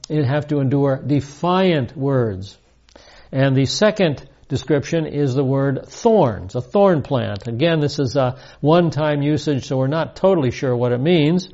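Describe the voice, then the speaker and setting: A man's voice: a little high, darkish tone, muffled recording. A man giving a verse-by-verse Bible teaching, emphatic and repeating key points with rising stress.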